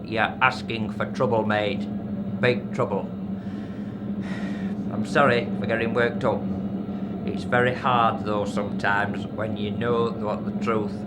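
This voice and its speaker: A man's voice: on the low side, heavy background noise, close to an everyday voice. An actor playing a blunt older local man, warning of a woodland monster in a folk horror audio drama. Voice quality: blunt, grumbling, dialect-heavy. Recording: music bed behind.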